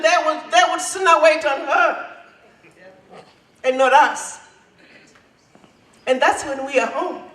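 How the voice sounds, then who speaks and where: A woman ambassador giving an impassioned public speech at an event, rhetorical and rising to shouts. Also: high-pitched. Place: large event hall. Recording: echoey hall, voice from far off.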